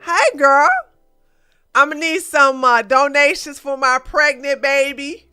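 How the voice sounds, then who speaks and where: A woman's voice: sits high, fairly even intonation, measured pace, pushed and bright, soft background music. A woman hosting a casual political commentary livestream, blunt and ranting, with plenty of slang. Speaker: podcast host.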